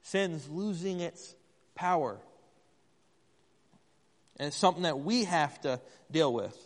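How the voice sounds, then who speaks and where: A man's voice: fairly high pitch, expressive, slow pace. A man preaching a sermon in a church, talking conversationally and putting questions to the congregation. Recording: long hall reverb.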